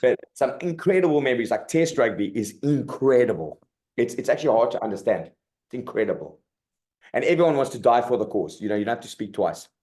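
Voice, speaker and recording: Relaxed, colloquial man coach, dark voice. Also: mid-range voice, a little fast. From South Africa. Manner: animated, colloquial, says "mate" and "like" often. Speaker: rugby coach. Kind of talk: casual interview storytelling.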